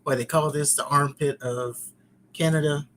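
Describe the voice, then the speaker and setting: Man voicing a haughty European wrestling champ, clipped, dismissive, slightly high voice. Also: fairly even intonation, moderate pace, fairly bright tone, slight background noise, natural voice. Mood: boastful.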